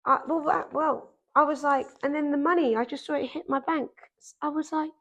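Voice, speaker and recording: A woman, a podcast guest telling a personal story in an animated, emphatic way. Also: sits high, a little fast. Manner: animated, emphatic, acts out quoted voices. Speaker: podcast guest, dancer and author.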